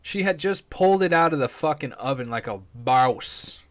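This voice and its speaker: A man's voice: a little high, animated, normal speed. Rambling, foul-mouthed podcast guy. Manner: profane, rambling, laid-back delivery. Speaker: podcast host. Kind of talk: casual chat.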